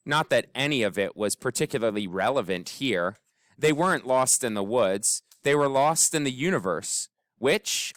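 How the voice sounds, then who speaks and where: A man narrating an audiobook in an expressive, wry storytelling manner. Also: mid-range voice, no room sound, clean studio sound. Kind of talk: scripted narration.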